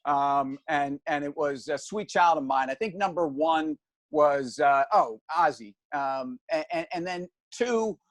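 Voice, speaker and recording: Animated fifty-something man telling a story. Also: fairly high pitch, measured pace, no room sound. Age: 50s. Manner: animated storyteller, acts out voices. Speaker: show host. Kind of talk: casual chat, storytelling.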